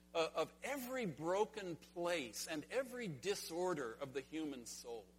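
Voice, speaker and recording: Earnest male pastor in a reverberant sanctuary. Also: a little high. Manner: earnest, rhetorical questions, repeats key phrases. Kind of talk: sermon. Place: church sanctuary. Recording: long hall reverb.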